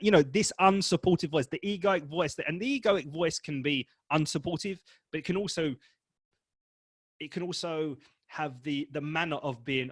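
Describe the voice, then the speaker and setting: Brief: male speaking coach, punchy, blunt, fairly high voice, dry close mic. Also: normal speed, no echo. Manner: energetic, emphatic and blunt, with mild swearing. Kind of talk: direct-to-camera coaching talk.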